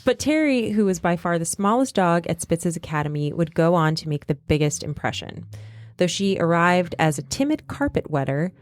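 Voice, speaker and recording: Woman podcast host, lower voice, animated pitch, storytelling, dry sound. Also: moderate pace, dry recording. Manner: animated, laughs easily. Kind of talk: casual chat and reading history notes.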